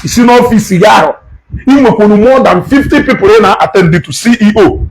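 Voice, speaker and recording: A man giving heated, animated commentary, switching languages and repeating phrases for emphasis. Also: high-pitched, a little fast, a little hiss or hum, rough recording. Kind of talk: heated social media commentary.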